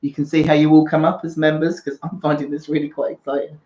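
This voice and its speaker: A man hosting a casual livestream chat from the sofa of his flat, excitable and quick to laugh. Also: on the high side. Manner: excitable, squealing and laughing often. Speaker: channel host. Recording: roomy, dull livestream audio.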